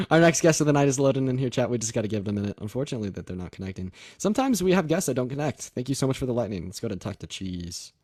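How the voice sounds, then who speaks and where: A man's voice: medium pitch, very animated, rapid-fire, a little mellow, no echo, studio quality. A nineteen-year-old man hosting a livestream debate, chatting casually, thanking viewers and laughing often. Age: young adult.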